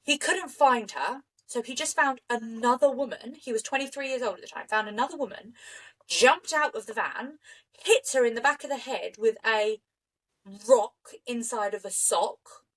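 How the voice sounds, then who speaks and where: A woman co-hosting a podcast, telling a true crime story in an animated, indignant way. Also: fairly high pitch, normal speed, rough recording. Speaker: podcast co-host.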